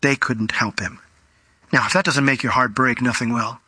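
A man's voice: mid-range voice, fairly even intonation, normal speed, sharp tone, breathy edge, no room sound. A man, a pastor and father of four in his thirties, preaching a conversational sermon that rises into fervent emphasis.

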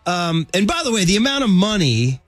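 A man hosting sports talk radio, casual and animated, full of slang, his voice jumping up when he gets worked up. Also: high voice, brisk, dry recording.

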